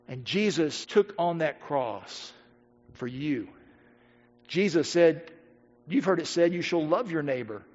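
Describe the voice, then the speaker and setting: Man, pastor, sermon, loud-to-hushed swings, dull muffled sound. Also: high voice. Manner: preaching with wide swings between loud emphasis and hushed quiet. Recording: dull audio with long hall reverb.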